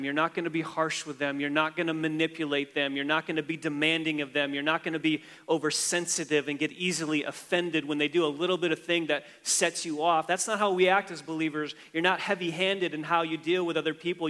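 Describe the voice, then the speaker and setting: Male pastor, sermon delivery, bright tone, dynamic from hushed to emphatic, long hall echo. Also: fairly high pitch. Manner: preaching with emphatic rises and quiet, hushed stretches.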